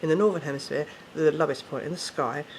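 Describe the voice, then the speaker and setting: An English vlogger rants casually to the camera, swearing often and correcting himself as he rambles. His voice is a little high and fast, with slight background noise behind it.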